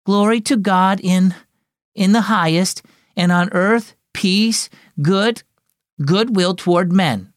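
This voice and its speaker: A man's voice: sits high, slow, dry recording, studio quality, pitched above the performer's own voice. A man voicing an earnest four-year-old girl in a children's story, stumbling over lines she is practicing.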